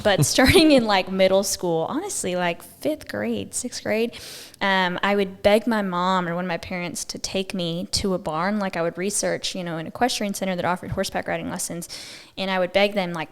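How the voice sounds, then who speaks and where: A young woman with a Texas twang talks freely as a guest on a podcast, full of y'alls and okays. Her pitch sits in the middle, and she keeps up a chatty, animated flow. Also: brisk, clear, resonant tone. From Texas, USA. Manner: chatty and animated, says y'all and okay often. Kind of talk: casual interview chat.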